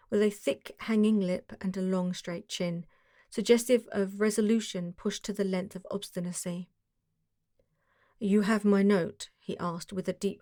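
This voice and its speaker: Woman reading an audiobook, calm measured storytelling, mid pitch, no room echo. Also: clean studio sound. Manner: measured and descriptive. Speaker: audiobook narrator. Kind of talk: scripted narration.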